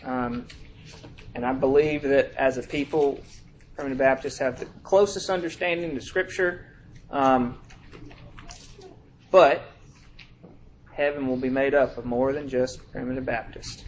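A man preaching a sermon in a conversational way, checking in with his listeners and reading scripture slowly with heavy emphasis. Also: mid-range voice, steady tone, highs cut off, a little hiss or hum. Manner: reads scripture aloud in slow, drawn-out emphasis; conversational, checks in with "all right?".

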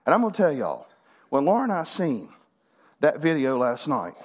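A man's voice: fairly high pitch, huge pitch swings, normal speed. A middle-aged man preaching a sermon as pastor, folksy and fervent, building to emphatic bursts.

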